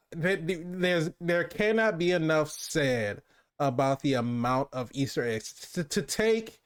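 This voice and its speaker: Male co-host, casual film-review chat, meandering delivery full of restarts. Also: fairly high pitch. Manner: rambling, many restarts and fillers.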